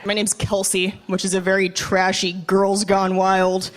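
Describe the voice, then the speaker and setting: A woman performing a stand-up comedy routine, delivering deadpan jokes. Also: mid-range voice, measured pace, a faint crowd.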